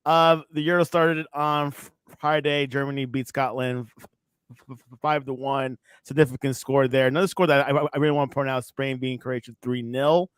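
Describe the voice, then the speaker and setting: Smooth-voiced man hosting a sports podcast. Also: mid-range voice, steady tone, dry recording, clean studio sound. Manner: brisk, runs through scores and prompts his co-host. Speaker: podcast host. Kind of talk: casual sports podcast chat.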